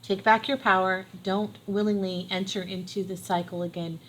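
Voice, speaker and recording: A woman's voice: medium pitch, steady tone, normal speed, fairly bright tone, a little hiss or hum, poor audio. A middle-aged woman giving a casual tarot reading, earnest and encouraging, repeating phrases for emphasis. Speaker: tarot reader.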